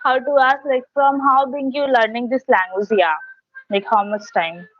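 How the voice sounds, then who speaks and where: A woman's voice: high voice, steady tone, moderate pace, dry recording. Bihari-accented woman tutor, dry muffled audio. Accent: Indian English, Bihar. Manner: casual, gropes for question wording. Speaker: English conversation tutor. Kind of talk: casual conversation practice. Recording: dull, dry video call audio.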